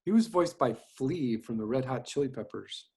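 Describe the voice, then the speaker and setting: A man's voice: medium pitch, expressive, warm tone. Man, fifties, animation teacher, casual, rambling with fillers, video call mic. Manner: rambling, halting, many fillers.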